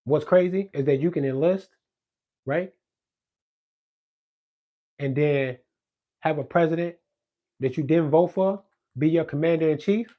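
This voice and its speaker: A man, delivering a profane, confrontational monologue rant that swings between low muttering and loud outbursts. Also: measured pace, pauses often, highs cut off. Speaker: podcast host ranting on politics.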